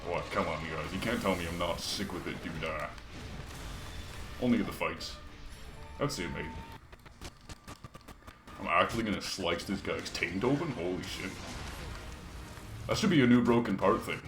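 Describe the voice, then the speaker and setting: Deep-voiced man streaming games in a roomy space. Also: normal speed, long pauses. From half British, half Canadian. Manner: crude, joking banter with chat. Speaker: game streamer. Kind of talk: casual gaming livestream, reading chat aloud. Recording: echoey room with faint music behind.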